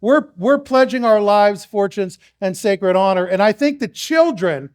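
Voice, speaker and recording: A man's voice: high-pitched, lively intonation, a little slow. A man speaking to a live audience, telling rambling stories, acting out exchanges with others, and putting questions to the crowd. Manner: storytelling, acts out quoted exchanges; rambling with restarts, addresses the crowd. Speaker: speaker at a public meeting.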